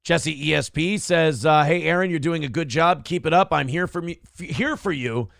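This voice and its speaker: A man's voice: a little high, normal speed, creaky, a bit bright, dry recording, clean studio sound. A man hosting a livestream talk show. He reads viewer comments aloud and rants with plenty of profanity. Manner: ranting and profane. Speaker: live show host.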